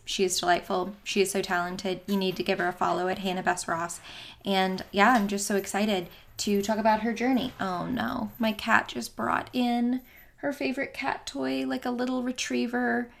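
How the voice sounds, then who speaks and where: A woman's voice: mid-range voice, little pitch movement, normal speed, gravelly. A young woman hosting a podcast from home, chatting casually and rambling with lots of fillers. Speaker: podcast host. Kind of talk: casual chat.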